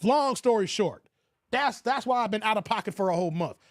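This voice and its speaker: A man hosting a casual livestream, animated and laughing as he reads comments aloud. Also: sits high, a little fast, no room sound, studio quality. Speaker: livestream host.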